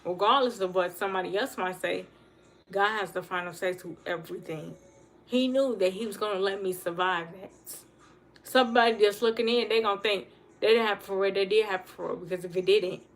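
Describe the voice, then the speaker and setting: A woman talking fast and earnestly in a casual livestream monologue, repeating herself for emphasis. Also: medium pitch. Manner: fast talker. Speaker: livestream host.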